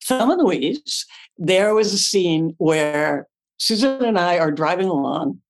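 Older actress guest telling stories, lively, laughs easily, acts out her lines. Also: lowish voice, a little slow. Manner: animated, acts out her own quotes, laughs often. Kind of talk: casual anecdote telling.

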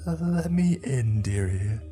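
A man putting on a gravelly, sinister night-stalking woman. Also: animated, takes it slowly, dark tone, faint music behind. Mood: coaxing menace. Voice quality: low gravelly smoker's voice.

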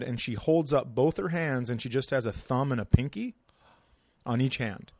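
A man's voice: mid-range voice, normal speed, a little mellow, dry recording. A man casually telling a long anecdote in a laid-back, dry way, as a podcast guest. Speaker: stand-up comedian guest. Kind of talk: casual storytelling.

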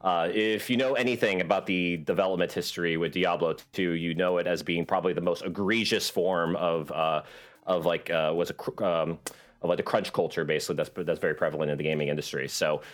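Man, very low voice, podcast guest, rambling, lots of fillers. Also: fairly even intonation, fairly quick. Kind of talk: casual chat.

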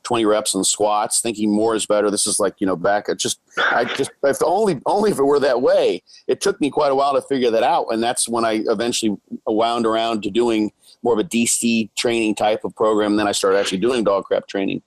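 A man speaking as a guest in a casual discussion, measured and a little hesitant, restarting his words. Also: on the low side, steady tone, no echo, rough recording. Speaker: guest, coach.

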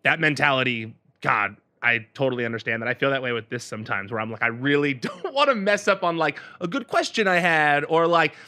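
A man's voice: medium pitch, animated, a little fast, few pauses, sharp tone. A man hosting a podcast, chatting casually and with sympathy while he interviews a guest. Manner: empathetic, chatty.

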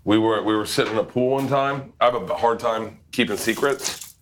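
A man hosting a casual chat while cooking, loud and full of swearing, who acts out the voices of people in his stories. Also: fairly low pitch, fairly even intonation, normal speed, a little hiss or hum. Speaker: host.

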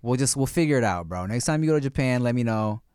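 A man's voice: medium pitch, expressive, quick pace, a little mellow, clear, resonant tone, no echo, studio quality. A laid-back man chatting casually as a podcast co-host, slangy and full of "bro" and "like". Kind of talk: casual chat.

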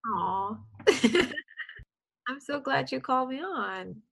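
A woman's voice: sits high, takes it slowly, creaky, sharp tone, poor audio. A young woman, a guest in an interview, talking earnestly and animatedly, acting out bits of her own dialogue as she speaks. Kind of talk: casual interview chat.

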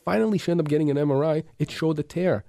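A man's voice: a little high, quick pace, gravelly, warm tone, no echo, studio quality. A man, a lawyer giving emphatic advice on a radio talk show and often stumbling over his words as he restarts. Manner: earnest, emphatic, many restarts and stammers. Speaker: insurance and injury lawyer. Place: radio studio.

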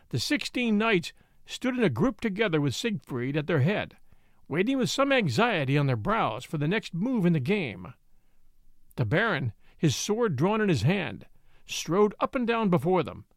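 Expressive male audiobook narrator. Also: high voice, no echo, studio quality. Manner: expressive, theatrical.

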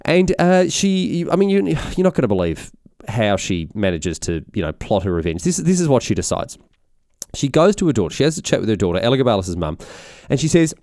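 Irreverent male narrator, rambling and animated, with a dry close sound. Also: mid-range voice, fairly quick, no room sound. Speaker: history storyteller. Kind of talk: comedic history narration.

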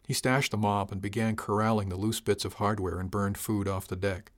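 A man's voice: fairly low pitch, brisk, darkish tone. A man reading a first-person story aloud, giving his captain's lines a dry, commanding tone. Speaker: narrator. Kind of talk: first-person audiobook narration.

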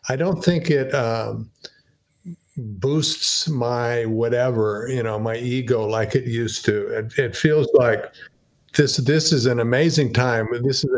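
An older man talking as an interview guest, thoughtful and self-deprecating, often restarting his sentences as he reflects. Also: mid-range voice.

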